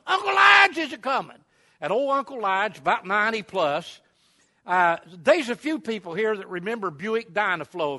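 A man with a high, pushed, bright voice preaches at a camp meeting, telling a folksy, rambling story full of fillers in sermon-storytelling style.

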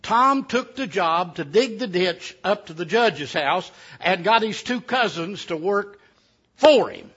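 A man's voice: sits high, expressive, slow pace, a bit bright, breathy edge. A man telling a folksy tale to a live audience, with chatty asides. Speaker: storyteller. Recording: dull lo-fi recording.

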